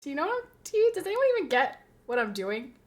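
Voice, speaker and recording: A woman's voice: high voice, big pitch swings, fast talker. A woman streamer chatting casually with her viewers, rambling and laughing often as she reads and answers chat.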